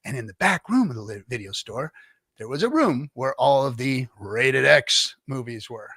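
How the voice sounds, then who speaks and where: A man's voice: medium pitch, expressive, normal speed, pushed and bright, husky, dry recording. A middle-aged man chatting casually on a livestream, spinning a long anecdote and acting out other people's lines. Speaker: livestream guest telling stories. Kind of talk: casual storytelling chat.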